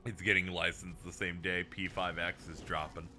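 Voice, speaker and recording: With a little hiss or hum in the recording, a man chats with viewers at a moderate pace during a game stream. He laughs and swears, animated, veering between squeaky peaks and low mumbling.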